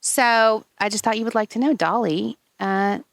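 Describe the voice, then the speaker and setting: A woman with a Long Island accent co-hosting a podcast, chatting outdoors in a garden in a gushing, chatty way, acting out quotes in high voices. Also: moderate pace, vocal fry, no echo. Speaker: podcast co-host. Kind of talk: casual chat.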